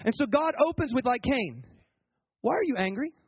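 A very high-pitched, sing-song male voice with a breathy edge moves at normal speed in a muffled recording with no room sound. As a pastor giving a sermon, he stays conversational and colloquial, repeatedly restarting his sentences and asking the congregation to respond.

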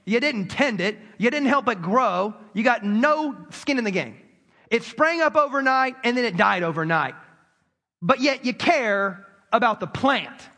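Bright-voiced animated male preacher. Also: very high-pitched, a little slow. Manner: animated, calls on the congregation to respond. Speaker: pastor. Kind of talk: sermon. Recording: long hall reverb.

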